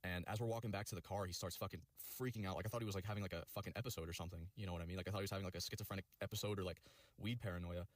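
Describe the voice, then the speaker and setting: A man telling a personal story in a rapid, rambling way, full of swearing and fillers. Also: deep voice, fairly even intonation, no room sound.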